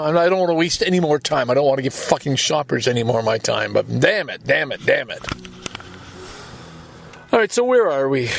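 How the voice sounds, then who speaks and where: A man's voice: medium pitch, gravelly. A man hosting his own podcast, ranting and swearing indignantly in a casual solo monologue, recorded from a parked car. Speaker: podcast host.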